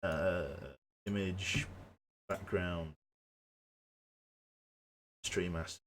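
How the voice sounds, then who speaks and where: A Brummie man from Birmingham, England, signs off his game stream with casual chat in a deep, steady voice, speaking extremely slowly over a little hiss or hum. He rambles, interrupts himself and chuckles often, his voice tired, strained and close to giving out.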